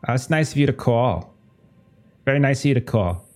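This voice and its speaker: A man's voice: mid-range voice, animated, brisk, a little mellow, faint music behind, close to an everyday voice. A man voicing a fussy, passive-aggressive middle-aged aunt on the phone in a tabletop game. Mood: judgmental.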